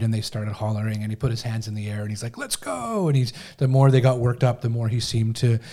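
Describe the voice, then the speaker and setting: A man in casual conversation, talking through a story at an easy, unhurried pace. He speaks loosely and freely, acting out the quotes as he goes. His voice sits at a middle pitch. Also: dark tone. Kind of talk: casual chat.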